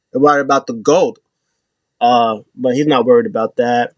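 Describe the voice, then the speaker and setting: A man's voice: medium pitch, steady tone, a little fast, dry recording. A man hosting a casual recap show, telling it in a loose, rambling way and often correcting himself. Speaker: show host recapping wrestling.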